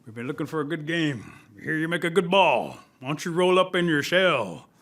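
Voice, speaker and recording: A man's voice: a little high, animated, fairly quick, fairly bright tone. A man voicing a group of big bears with a blunt, eager way of talking.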